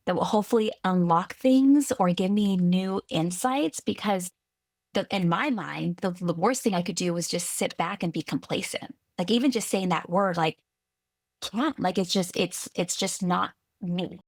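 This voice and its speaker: A woman from California, a guest on a podcast interview, telling her story earnestly and with lively restarts. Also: on the low side, normal speed, dry recording, clean studio sound. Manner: earnest, lively retelling with restarts and quoted voices. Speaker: guest, tech executive.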